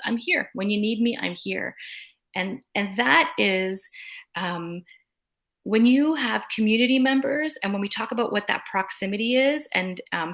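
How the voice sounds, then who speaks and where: A woman's voice: mid-range voice, a bit bright. A middle-aged woman speaking on a conference panel, earnest and emphatic, with frequent ums.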